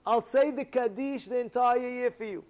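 A man's voice: very high-pitched, normal speed, a little mellow. A man voicing a devoted eldest son who soothes his father with earnest promises. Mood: reassuring.

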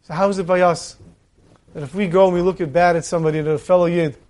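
A man preaching a sermon, telling a parable in an animated storytelling manner. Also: sits high, fast talker.

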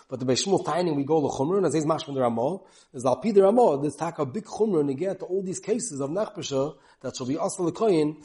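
Rapid-fire teacher, man. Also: a little high, darkish tone. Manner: rapid, mixing English with Hebrew and Yiddish terms. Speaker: Talmud teacher. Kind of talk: yeshiva-style Talmud class.

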